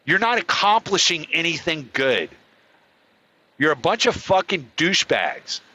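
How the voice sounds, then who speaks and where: A man's voice: on the high side, sing-song, a little slow, bright, forceful tone, poor audio. A man hosting his own show, delivering an angry, profane rant. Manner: furious, profane, heated ranting. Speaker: podcast host. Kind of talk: angry ranting monologue.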